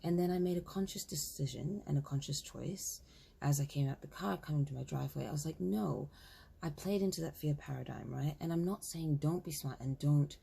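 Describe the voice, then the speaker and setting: A woman's voice: deep voice, creaky, warm tone, slight background noise. A woman in her thirties telling a story casually, acting out both sides of a conversation. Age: 30s. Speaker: spiritual vlogger.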